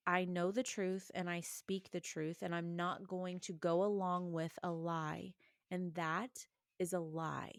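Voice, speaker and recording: A woman's voice: lowish voice, no room sound, studio quality. A woman giving an earnest, encouraging faith reflection, urging listeners directly. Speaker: Christian podcast host.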